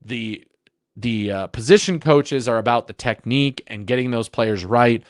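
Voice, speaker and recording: A man co-hosting a sports podcast, talking in an animated, emphatic way in long runs. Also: medium pitch, normal speed, no room sound, clean studio sound. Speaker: podcast co-host. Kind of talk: casual sports podcast chat.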